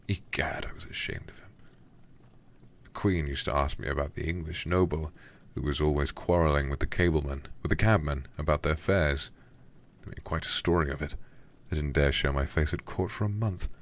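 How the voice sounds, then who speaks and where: A blustering old English lord who grumbles and gossips in a hushed whispered role-play, as a man puts him on. The voice sits extremely low and rumbles along in complaint. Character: gruff, grumbling old English lord, a young man's uncle.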